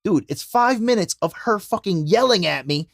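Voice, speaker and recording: Young male podcast host, brash and profane storyteller, voice a bit high, dry booth sound. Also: lively intonation, normal speed, no echo. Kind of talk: casual chat.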